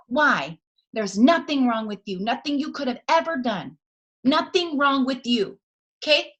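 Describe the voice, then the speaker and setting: A woman's voice: high-pitched, sharp tone. A woman giving a fervent, preachy motivational pep talk and repeating her key phrases. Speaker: motivational speaker.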